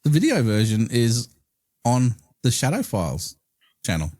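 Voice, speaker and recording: A man's voice: medium pitch, wildly swooping pitch, unhurried, a little mellow, no echo, studio quality. A man hosting a podcast, chatting casually and laughing easily. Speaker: podcast host. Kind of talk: casual chat.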